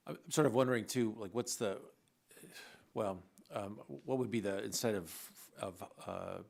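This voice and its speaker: Low-voiced male lawmaker, halting questioner at a hearing. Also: creaky, a little mellow. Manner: halting, many fillers and restarts. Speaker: congressman questioning witnesses.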